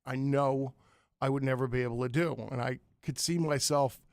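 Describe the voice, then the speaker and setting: A man's voice: mid-range voice, fairly even intonation, moderate pace, a little mellow, clear, resonant tone, dry recording. An American man hosting a radio studio interview, chatting casually and rambling with self-deprecating asides. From United States. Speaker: radio show host. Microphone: studio microphone.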